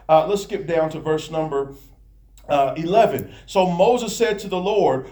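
A high-pitched man preaching in a lively, talk-to-the-people style. He reads scripture at a quick clip and keeps breaking off into asides, his voice ringing in an echoey church. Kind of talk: sermon. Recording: echoey room.

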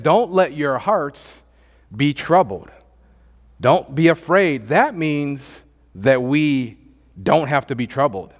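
A man's voice: on the high side, big-room sound. A man preaching a sermon as pastor, emphatic and repetitive, often asking the congregation for an amen. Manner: emphatic, repeats phrases, asks the congregation "amen?". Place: church.

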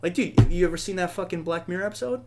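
Man, podcast host, casual rambling chat, lots of swearing, gets animated. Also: sits high, very fast, background noise.

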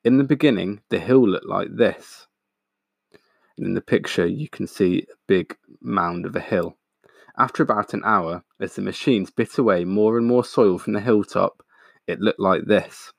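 A man reading a picture book aloud in a steady, expressive way, pointing out the pictures. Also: on the low side, moderate pace, creaky, dry recording, studio quality. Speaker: storyteller.

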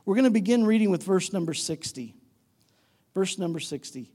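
Male pastor, high voice, conversational sermon, long church reverb. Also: moderate pace, breathy edge. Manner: conversational, animated when imitating talk to his dog.

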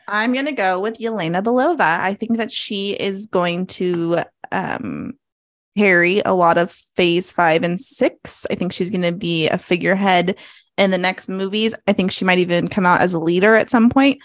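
A woman's voice: lowish voice, normal speed, dry recording, clean studio sound. A woman co-hosting a podcast in a casual, chatty way, laughing often. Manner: chatty, giggly, easygoing. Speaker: podcast co-host. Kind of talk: casual chat.

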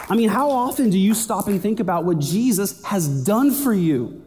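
Pastor, male, mellow higher-set voice, casual sermon delivery, long hall reverb. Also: animated, normal speed. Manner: conversational preaching, builds in pitch toward the end.

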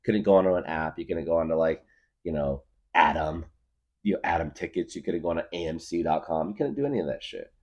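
A man's voice: extremely low pitch, fast, a little mellow, highs cut off. A man in his thirties hosting a podcast, rambling through a comedic monologue with lots of fillers. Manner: rambling, full of fillers, laughs at his own jokes. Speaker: podcast host.

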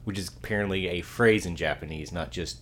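A man with a fairly low voice co-hosts a movie podcast in easy, casual chat. He rambles and restarts his sentences, circling around his point with plenty of fillers. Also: fairly quick, a little hiss or hum. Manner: rambling, hesitant, many restarts. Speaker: podcast co-host.

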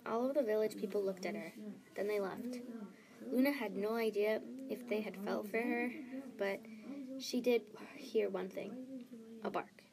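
Woman reading a story out loud, middle pitch, whispers the scary bits, crowd noise behind. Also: normal speed, vocal fry. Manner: drops to a whisper at tense moments. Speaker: story reader. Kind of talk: reading a fan story aloud.

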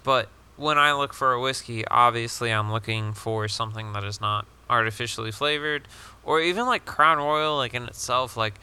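Young man, podcast co-host, casual chat, rambling, filler-heavy, swears, bright tense voice. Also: mid-range voice, moderate pace, smooth.

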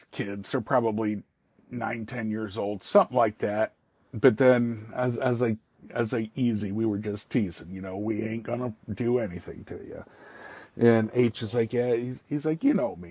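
A man's voice: fairly low pitch, warm tone, husky, no echo. A middle-aged man casually telling a personal story, rambling and swearing freely, with lots of "I was like.".

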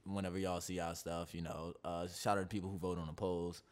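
A man co-hosting a casual podcast, animated, acting out quotes and laughing. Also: sits low, fairly quick. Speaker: podcast co-host. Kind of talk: casual chat.

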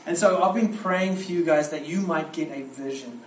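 With energetic storytelling and frequent restarts, a young youth pastor gives a camp sermon at a moderate pace. His voice runs a little higher than most men's; the echoey room carries faint ambience and slight background noise.

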